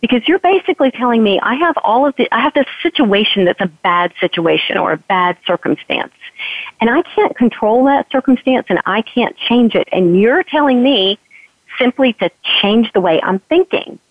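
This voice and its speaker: An earnest woman with a fairly high voice explains ideas patiently, like a teacher. She is heard over a narrow, tinny phone line. The sound is dry and close, with no room around it. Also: animated, normal speed, no room sound. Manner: earnest, teaching, acts out her own inner thoughts. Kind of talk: podcast conversation, explaining with examples.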